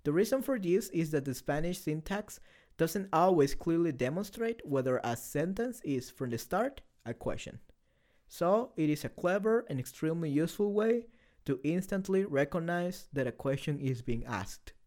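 Male teacher, scripted lesson read, raised pitch with very animated intonation. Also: moderate pace. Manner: clear, explanatory, didactic. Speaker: language teacher.

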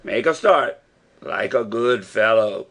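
A man's voice: lowish voice, lively intonation, slow pace, creaky, fairly bright tone, heavily acted. A man reading as a bold old professor. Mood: rousing. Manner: firm, encouraging, instructing. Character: older male professor, bold and cheering. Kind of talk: audiobook reading.

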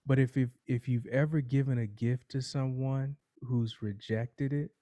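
A man preaching a sermon, telling a courtroom parable in a slow, dramatic storytelling manner. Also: medium pitch, fairly even intonation, dark tone, no room sound.

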